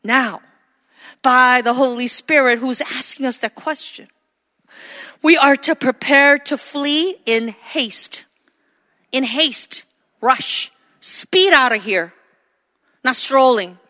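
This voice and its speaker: A woman's voice: high-pitched, sharp tone. A woman pastor preaching a sermon, emphatic, repeating her phrases and calling for amens. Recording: echoey hall with long reverb.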